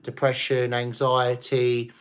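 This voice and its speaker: A man's voice: medium pitch, completely flat delivery, takes it slowly, clear, resonant tone. A man hosting a casual late-night livestream, rambling, swearing and laughing as he chats with viewers after a few drinks. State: tipsy from drinking. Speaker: livestream host.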